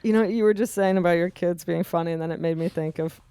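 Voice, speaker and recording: Female co-host, slightly low voice, dry close sound, animated storyteller. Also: smooth, no echo. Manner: animated anecdote telling, quick to laugh. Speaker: podcast co-host. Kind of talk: casual comedic chat.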